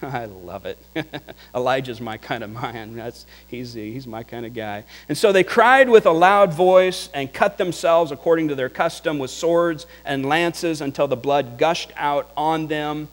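Male pastor mid-sermon, higher voice, lively storyteller who laughs along; big echoing hall, faint mains hum. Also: unhurried. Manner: animated, chuckling storyteller, drops to a hush for prayer.

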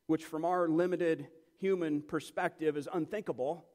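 High-voiced man preaching in a reverberant hall. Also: fairly even intonation, normal speed, few pauses, warm tone. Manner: emphatic, building to passionate repetition. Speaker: pastor. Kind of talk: sermon.

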